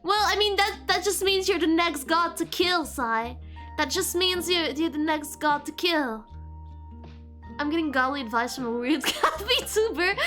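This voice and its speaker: Over faint lo-fi background music, a woman VTuber streamer talks casually with her viewers, her high-pitched voice pushed and bright as she takes her time. She's giggly and playful, frequently laughing as she responds to chat.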